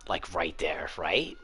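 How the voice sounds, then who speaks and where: A man's voice: low voice, bright, forceful tone, breathy edge. A young man giving casual, profane gameplay commentary, sometimes dropping to a whisper. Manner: swears freely, drifts into whispers. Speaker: gaming streamer.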